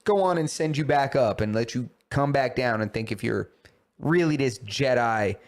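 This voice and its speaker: A man's voice: medium pitch, expressive, moderate pace. A man co-hosting a podcast, speaking bluntly and jokingly with plenty of slang. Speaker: podcast co-host. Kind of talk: casual chat.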